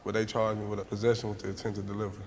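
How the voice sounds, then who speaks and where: Man, inmate, lowish plain voice, faint noise. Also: flat delivery, racing. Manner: plainspoken, complaining. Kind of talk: casual chat.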